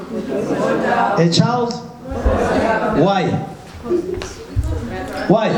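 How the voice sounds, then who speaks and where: A man giving a motivational talk to a live audience, emphatic and often asking the crowd questions. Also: sits high. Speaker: motivational speaker. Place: large hall with an audience. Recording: echoey hall with noise.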